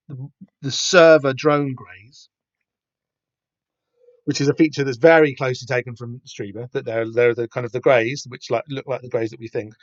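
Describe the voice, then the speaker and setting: A man's voice: mid-range voice, dry recording. A man hosting a podcast, talking through a comic in a rambling, casual way with lots of fillers and restarts. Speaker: podcast host. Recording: dull lo-fi sound.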